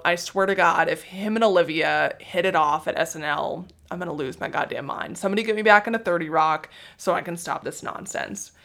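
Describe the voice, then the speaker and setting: A woman's voice: fairly low pitch, fairly bright tone. A young woman hosting a solo celebrity gossip podcast, chatty, sarcastic and self-mocking. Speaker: podcast host.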